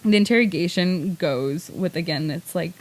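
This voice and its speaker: Low-voiced woman rambling in casual chat. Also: normal speed, rough recording. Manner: rambling, filler-heavy retelling with frequent "like"; animated, laughs often while talking. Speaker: podcast host.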